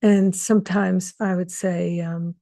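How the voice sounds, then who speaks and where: A woman's voice: on the low side, little pitch movement, slow pace, vocal fry, warm tone, no echo. A woman hosting an online spiritual gathering, speaking earnestly and reflectively with many fillers and restarts over a video call mic. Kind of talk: conversational spiritual talk.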